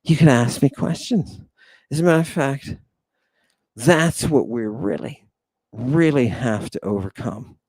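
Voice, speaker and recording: Man, livestream teacher, theatrical and jokey, slow unhurried delivery, dry close sound. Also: medium pitch, a little mellow, husky, no echo. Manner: theatrical, joking, addresses viewers as people. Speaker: online language teacher.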